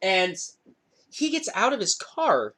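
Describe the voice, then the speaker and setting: Hosting a podcast, a young man casually tells a story with animated delivery and a lot of swearing. His voice sits high, and he takes things slowly.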